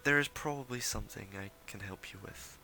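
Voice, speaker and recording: A man voicing a wary male drow merchant who stutters a little, then speaks with measured showmanship. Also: fairly low pitch, gravelly, bright, forceful tone, faint music behind, full character voice, low-quality recording. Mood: offering.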